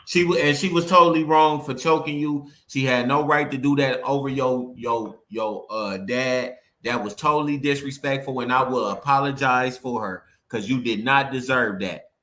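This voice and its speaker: A man with a bright, clear-toned voice at an ordinary pitch talks in a sympathetic, supportive way. He speaks with firm conviction as he backs up the other speaker. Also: moderate pace, hardly any pauses, roomy sound. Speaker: relative listening and responding. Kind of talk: casual conversation.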